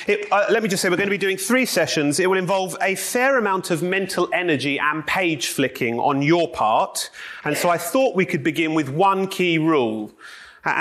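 A man's voice: on the high side, fairly bright tone. A man teaching a group Bible study in a room without a microphone, joking and self-deprecating, speaking with a cold. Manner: jokey, self-deprecating, chatty. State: has a cold. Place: meeting room with a live audience.

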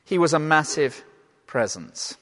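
A man preaching a sermon in an animated, emphatic way, swinging between loud and hushed. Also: fairly high pitch, a little slow. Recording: long hall reverb.

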